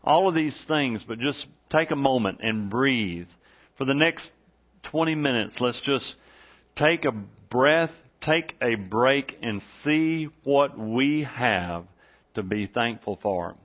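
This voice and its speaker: Folksy pastor preaching, muffled recording. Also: male voice, medium pitch, animated, takes it slowly. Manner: folksy, conversational, full of "uh" fillers. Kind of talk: sermon. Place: church sanctuary before a congregation. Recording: dull, slightly muffled recording.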